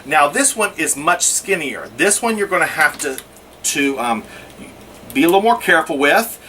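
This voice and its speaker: A man's voice: a little high, sing-song, normal speed, bright, forceful tone, distant mic, slight background noise. A man giving a casual scrapbooking how-to, chatting through each step as he works. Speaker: scrapbooking instructor.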